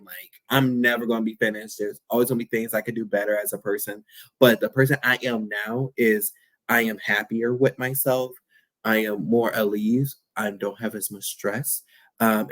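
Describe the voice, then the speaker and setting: A man's voice: lowish voice, dry recording. A young man hosting his own podcast, talking candidly and playfully in a reflective, affirming solo talk. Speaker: podcast host.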